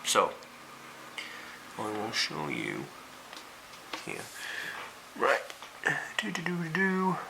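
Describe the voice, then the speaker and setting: A man's voice: mid-range voice, huge pitch swings, very slow, vocal fry, long pauses, noisy background. A young man with a Yorkshire accent giving a casual, rambling and sweary food review to camera. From Yorkshire, England.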